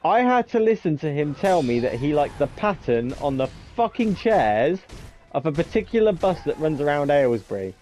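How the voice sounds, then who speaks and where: A man's voice: fairly high pitch, very animated, moderate pace, darkish tone, faint music behind. A young man, casually telling a long story full of swearing and acting out both sides of each conversation. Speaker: gamer streamer.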